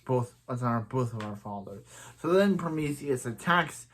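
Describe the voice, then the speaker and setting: A man casually recapping a TV episode, rambling with many restarts and now and then quoting characters in a higher voice. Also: lively intonation, normal speed, a little hiss or hum. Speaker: show reviewer.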